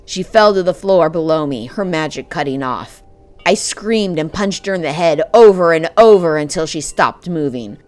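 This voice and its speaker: Woman reading a fantasy audiobook, first person, low voice, steady and emotive. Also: normal speed. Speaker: audiobook narrator.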